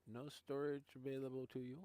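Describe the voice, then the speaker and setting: A man's voice: medium pitch, level tone, fairly quick, dark tone, clean tone, dry recording. A man chatting casually with viewers while he tours a farming game live, thinking aloud as he goes. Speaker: gaming streamer. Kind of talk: casual live-stream commentary.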